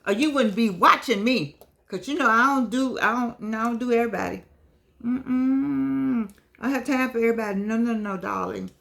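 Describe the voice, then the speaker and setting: An older woman with a voice a touch above the usual pitch talks casually to her viewers. She is lively and affectionate, drifting from one aside to the next in a loose, chatty vlog manner. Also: fast, vocal fry. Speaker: vlogger.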